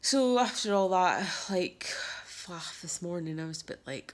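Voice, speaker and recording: A woman's voice: fairly low pitch, animated, a little slow. A young woman telling a personal story in a rambling vlog, full of fillers and dropping into whispers. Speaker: vlogger.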